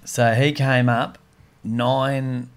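A man with an Australian accent, telling a comedy gig story on a podcast in a casual, animated way and acting out the voices of the people in it. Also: mid-range voice, extremely slow, smooth. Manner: animated, acts out quoted voices.

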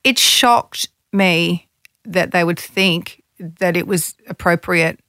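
A woman's voice: lowish voice, slow, bright, forceful tone, no room sound, clean studio sound. Candid woman host asking blunt questions. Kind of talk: casual podcast conversation.

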